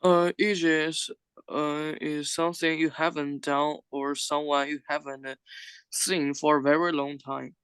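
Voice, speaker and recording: A man learning in class, answering vocabulary questions in a halting, hesitant way with restarts. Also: a little high, flat delivery, a bit bright, clear, resonant tone, no room sound, rough recording. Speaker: language student.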